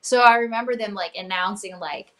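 Woman, chef guest, casual interview, relaxed, chatty, bright. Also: medium pitch, brisk. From Cincinnati, Ohio. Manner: relaxed, chatty, many fillers.

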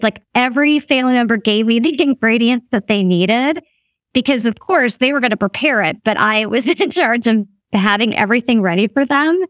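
A woman guest in her fifties with a voice on the high side tells a story during a relaxed chat, laughing often and playfully acting out what others said. The clip is studio quality with no echo.

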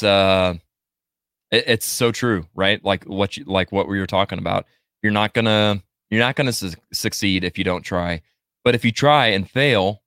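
A man hosting a live podcast in a casual, halting way, reading out listener comments and answering them. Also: on the low side, fairly bright tone, dry recording, clean studio sound. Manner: halting, many fillers and restarts. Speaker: podcast host. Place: Missouri area studio.

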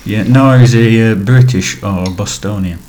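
A man's voice: fairly low pitch, measured pace, a little mellow, soft background music. A man co-hosting a podcast and reading listener emails, hesitant and self-deprecating. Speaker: podcast co-host.

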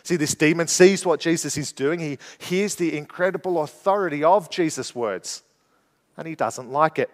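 Preacher man with a slightly high voice. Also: moderate pace, long reverb tail. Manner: expository, shifts between hushed and emphatic. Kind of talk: sermon.

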